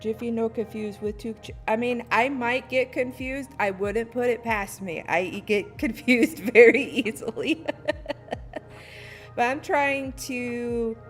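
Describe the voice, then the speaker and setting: A woman's voice: a little high, measured pace. A woman streamer chatting casually to her viewers while fixing her stream settings, laughing at herself and humming as she works. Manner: self-deprecating, giggly, hums to herself while fiddling with settings. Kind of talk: casual live-stream chat. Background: soft lofi music.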